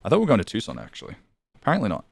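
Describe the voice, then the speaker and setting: A man's voice: on the low side, wildly swooping pitch, very fast, vocal fry, background noise. A man streaming a driving game, chatting casually and rambling to his chat with frequent laughs.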